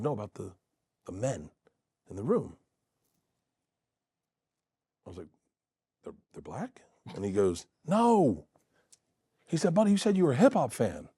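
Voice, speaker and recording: A middle-aged man telling a long funny story as a guest on a talk show, acting out the other people's voices and laughing loudly. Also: on the low side, breathy edge, no echo, studio quality. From Florida. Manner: acts out quoted voices, loud bursts of laughter. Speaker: comedian guest.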